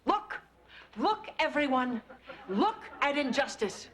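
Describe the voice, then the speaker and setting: A woman's voice: mid-range voice, expressive, normal speed, a bit bright, close to an everyday voice. An actress playing a brash, sardonic woman reporter. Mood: defiant. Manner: sardonic, defiant, speechifying. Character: brash outspoken woman journalist, mid-40s. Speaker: sitcom lead, TV journalist. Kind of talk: sitcom acting. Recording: studio audience laughter, noisy.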